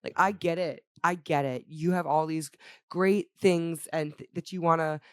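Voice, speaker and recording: A woman's voice: sits low, steady tone, normal speed, clean tone, no echo, clean studio sound. A young woman co-hosting a podcast, chatting casually with strong opinions, frequent swearing and laughter. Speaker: podcast co-host. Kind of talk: casual chat.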